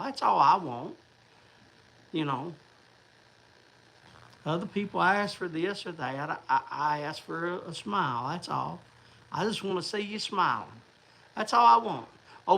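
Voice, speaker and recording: Gravelly chatty man. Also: sits high, bright, forceful tone, rough recording. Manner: rambling, chatty, restarts and fillers. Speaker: livestream host. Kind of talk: casual livestream chat.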